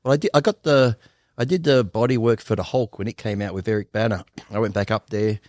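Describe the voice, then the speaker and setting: Fast-talking Australian man, blunt and profane. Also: lowish voice, darkish tone, dry recording, clean studio sound. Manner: rapid, profane anecdotes with acted-out quotes. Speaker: guest. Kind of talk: casual storytelling interview.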